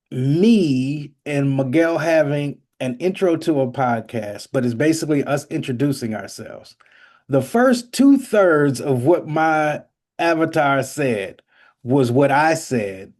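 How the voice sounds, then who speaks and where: A man hosting a podcast in casual chat, telling stories in an animated way and joking dramatically. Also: fairly high pitch. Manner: animated storyteller, jokes dramatically. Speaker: podcast host.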